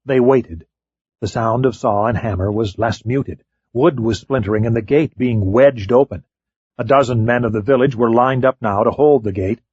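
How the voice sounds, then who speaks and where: A man reading a mystery audiobook in measured, scripted narration. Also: mid-range voice, a little mellow, slightly rough, dry recording, lo-fi sound.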